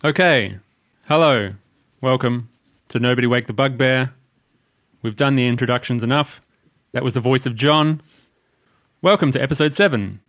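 A young man hosting a podcast, teasing his co-hosts in a dry, offhand way. The recording is close and dead, with no room sound. His pitch sits in the middle. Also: normal speed, a bit bright, no room sound. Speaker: podcast host. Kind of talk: casual chat.

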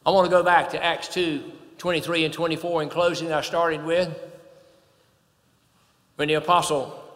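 A man's voice: a little high, flat delivery, normal speed, a bit bright, in a large hall. A man preaching a sermon, emphatic, swelling and dropping in volume.

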